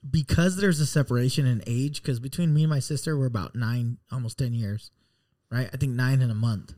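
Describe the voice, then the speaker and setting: A man in casual conversation with mid-range pitch, laid-back and easygoing. He mixes his own memories with follow-up questions. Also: fairly quick. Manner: relaxed, asks follow-up questions. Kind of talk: casual chat.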